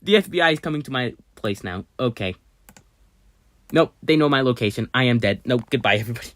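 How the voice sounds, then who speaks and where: Excitable speaker muttering, then shouting. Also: quick pace, dry recording. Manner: excitable, swings from low muttering to sudden loud outbursts; mumbles half-words and fillers while searching. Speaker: channel host. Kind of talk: casual screen-recorded commentary.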